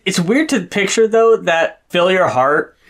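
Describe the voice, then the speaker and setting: Man, fairly high voice, casual album chat, swears a lot, laughs often. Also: a little slow. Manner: profane, animated, laughs often. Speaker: podcast co-host.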